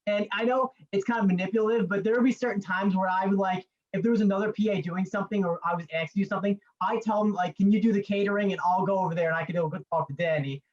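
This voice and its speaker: A man's voice: high voice, quick pace, hardly any pauses. A man, a student, telling a story casually in class, hesitant and restarting often. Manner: hesitant, many fillers and restarts. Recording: dull lo-fi sound.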